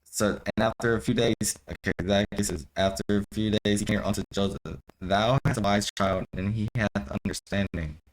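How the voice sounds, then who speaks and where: A young man with a very deep, low voice reads old scripture aloud in a casual way. He trips over the archaic wording and keeps breaking off into loose, profane slang asides. A faint hiss sits behind his voice. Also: steady tone, moderate pace, hardly any pauses, low-quality recording. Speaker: streamer reading scripture aloud. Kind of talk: casual reading and commentary.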